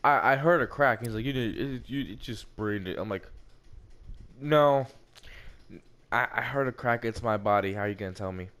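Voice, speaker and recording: A young man, likely a teen, telling a personal story while gaming, halting and repeating words, swearing now and then. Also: lowish voice, fairly bright tone. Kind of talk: casual storytelling over gameplay.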